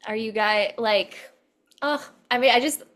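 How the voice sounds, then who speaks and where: A woman's voice: a little high, unhurried, fairly bright tone. A woman hosting a podcast interview, effusive and laughing often. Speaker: podcast host. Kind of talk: casual interview.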